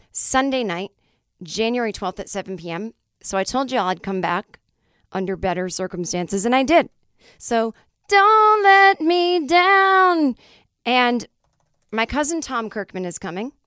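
Alone on her own podcast, a comedian and host gets grumpy and lively, cursing liberally while promoting her shows. She has a mid-range voice that hasn't quite recovered, captured on a close studio mic with no echo.

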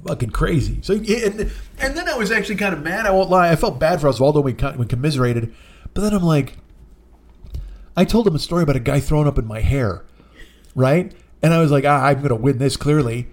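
A man hosting a podcast tells a comic story in a loose, rambling way, swearing freely as he goes. His voice sits a little high for a man. The delivery is animated and conversational. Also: a little fast. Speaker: podcast host.

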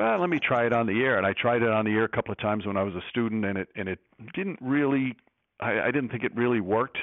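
Man, sports broadcaster guest, reflective storytelling, low voice, dry phone-like sound. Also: dry recording. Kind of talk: casual interview. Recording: tinny phone-like line.

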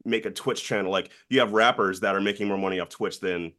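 A man as an interview guest, telling a story in a lively way and acting out the voices of other people. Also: on the low side, fast talker. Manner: lively, acts out quoted voices.

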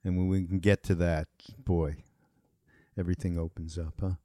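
A man with a very deep voice hosts a podcast in a relaxed interview. He is recorded dry and close, with no room sound. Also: moderate pace, no room sound. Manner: soft affirming murmurs. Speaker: podcast host. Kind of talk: casual interview chat.

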